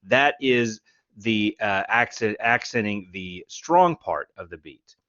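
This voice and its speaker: A man teaching a music class, counting beats out loud and showing rhythms on guitar. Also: fairly low pitch, expressive, slow pace, no room sound, dull audio. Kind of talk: lecture.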